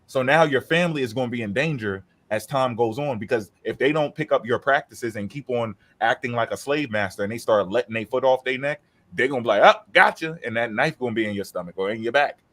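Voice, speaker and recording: A man co-hosting a podcast, talking in a loose, animated and profane way and acting out the voices of people he quotes. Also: medium pitch, fast. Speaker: podcast co-host. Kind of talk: casual chat.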